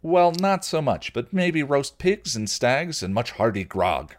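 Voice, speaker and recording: A man voicing a nervous young man who talks high and excitably. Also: unhurried. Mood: flustered.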